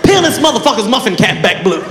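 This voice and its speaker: A man voicing his gruff ex-convict uncle, who barks blunt prison slang in a shout. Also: high-pitched, big pitch swings, fast, over a noisy crowd. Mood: barking. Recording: reverberant hall, faint background noise.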